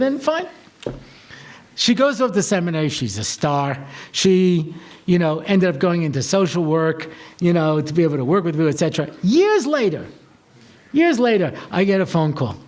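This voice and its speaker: A man with a rather high voice gives a talk as a rabbi. He tells stories in a lively, conversational way and acts out the lines of the people in them. His talk is loose and peppered with "you know". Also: fairly quick. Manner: chatty, animated, acts out dialogue, frequent "you know". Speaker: rabbi and lecturer. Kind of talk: storytelling talk to students.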